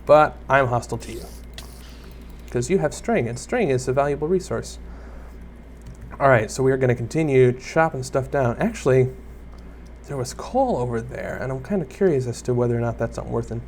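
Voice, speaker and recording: A man's voice: medium pitch, fairly quick, slight background noise. A young man giving casual Let's Play commentary, rambling and self-deprecating as he chats to viewers and the creatures on screen. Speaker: gaming YouTuber.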